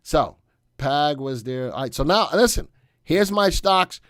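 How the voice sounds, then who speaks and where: A man's voice: on the high side, expressive, a little slow, a bit bright, dry recording, clean studio sound. A middle-aged man hosting a stock analysis live stream, upbeat and joking as he chats with viewers. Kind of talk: casual live stream talk.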